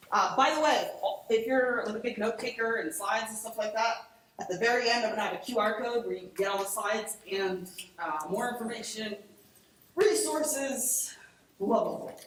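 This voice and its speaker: A woman from Cleveland giving an energetic, chatty conference talk on a lapel mic in a large lecture hall. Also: on the high side, a little hiss or hum. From Cleveland, Ohio. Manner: animated, chatty, acts out quoted friends. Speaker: conference speaker. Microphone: collar lapel mic. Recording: very echoey hall, distant mic.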